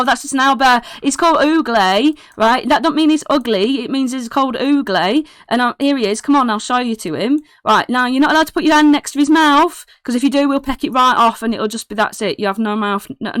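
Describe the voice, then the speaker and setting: Woman putting on a hyper excitable little boy. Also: on the high side, no echo, voice pushed up, lightly acted. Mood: chatty. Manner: breathless rapid chatter, jumps between topics.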